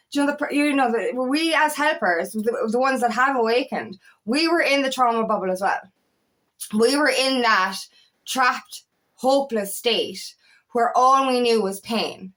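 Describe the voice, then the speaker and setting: Speaking to camera, this empowerment coach has a high, fairly bright voice. Her casual motivational talk is heated and blunt, peppered with curses and the recurring filler "you know what I mean."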